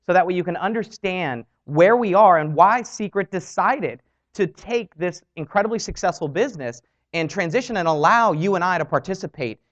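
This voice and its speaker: Lively high-voiced motivational speaker, man. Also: moderate pace. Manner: animated, acts out quoted voices. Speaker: network marketing speaker. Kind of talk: motivational talk to an audience. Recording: dull lo-fi recording.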